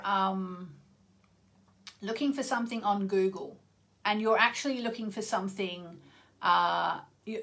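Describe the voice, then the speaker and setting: Woman, astrologer, casual vlog talk, rambling asides, mid-pitched, gravelly. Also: a bit bright. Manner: chatty, rambling, many asides. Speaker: astrologer hosting her own channel.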